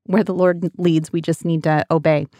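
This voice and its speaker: A woman's voice: lowish voice, little pitch movement, normal speed, mellow, no room sound. Earnest woman teaching the Bible, dry close sound. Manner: earnest, conversational, addresses listeners as guys.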